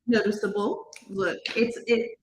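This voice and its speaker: A woman's voice: mid-range voice, fairly even intonation, measured pace, slight background noise, poor audio. A woman demonstrating makeup in a casual tutorial, chatty and talking viewers through each step, sometimes quizzing them. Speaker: makeup artist demonstrating products.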